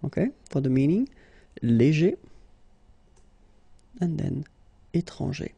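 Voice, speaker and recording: A man's voice: on the high side, lively intonation, creaky, warm tone, slightly rough, dry recording. A man with a French accent teaching a language lesson, patient and explanatory. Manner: patient and explanatory, slow and deliberate.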